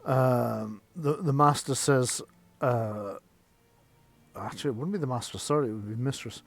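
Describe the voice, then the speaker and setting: A man's voice: mid-range voice, moderate pace, gravelly, dry recording. Man running a tabletop game, dry sound. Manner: chatty, filler-laden narration. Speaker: game master.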